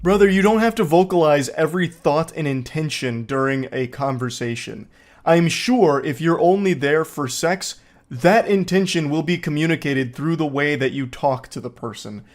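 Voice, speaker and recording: A man doing reaction commentary, sarcastic and mocking as he riffs on a clip. His voice sits a bit higher than most men's. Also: lively intonation, normal speed. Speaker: commentary host.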